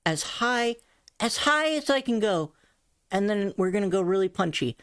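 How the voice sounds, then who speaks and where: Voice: medium pitch, animated, moderate pace, fairly bright tone, clean tone, no room sound, studio quality. A vlogger talking through voice training practice in a thoughtful, self-critical way, explaining each step. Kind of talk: casual voice training vlog.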